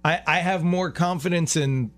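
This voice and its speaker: A man's voice: a little high, normal speed, a bit bright, faint music behind. Wry male radio co-host. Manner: wry, self-deprecating humor. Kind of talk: morning radio chat.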